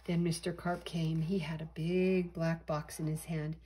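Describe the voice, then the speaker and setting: An older woman reading a children's storybook aloud in an expressive, animated way. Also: sits low, unhurried, hardly any pauses, slightly rough, low-quality recording.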